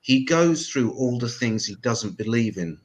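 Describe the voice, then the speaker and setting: An English man hosting a stand-up comedy show, talking to the audience with sarcastic, swearing asides and deadpan jokes, on a stage mic in a live venue. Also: mid-range voice, measured pace, poor audio.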